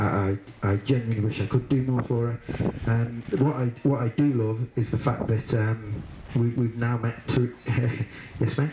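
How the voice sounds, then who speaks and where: A man giving a wedding speech as the bride's brother, telling a story with frequent laughter, fillers and restarts. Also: medium pitch. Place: wedding reception. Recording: echoey room, loud background noise.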